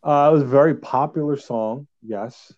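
A man's voice: mid-range voice, normal speed, dry recording. A man co-hosting a podcast in casual chat, chatty and playful, laughing often. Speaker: podcast co-host. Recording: dull lo-fi sound.

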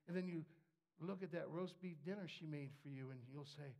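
A man preaching a sermon with passion, halting and repeating words, dropping to whispers and rising to shouts. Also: a little high, vocal fry. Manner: impassioned, swings from hushed whispers to shouts. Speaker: pastor. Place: church with a screen for the congregation.

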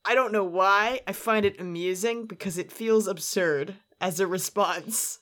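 A woman's voice: medium pitch, unhurried, a bit bright. A woman co-hosting a podcast in casual chat, musing and amused as she theorizes aloud. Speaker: podcast co-host.

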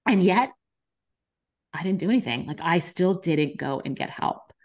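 A woman's voice: lowish voice, lively intonation, moderate pace, darkish tone. A woman, a nurse and podcast co-host, telling her own story in an open, reflective way. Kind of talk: candid conversation.

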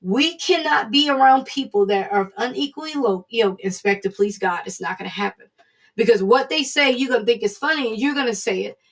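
A woman leads a devotional Bible lesson in an earnest, conversational way, encouraging her listeners. Her voice sits a bit high and carries a gravelly fry. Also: brisk. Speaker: Bible study teacher.

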